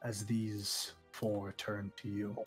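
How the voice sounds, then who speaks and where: A man narrating a tabletop game as game master in a descriptive, measured storytelling manner. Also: on the low side, monotone, faint music behind.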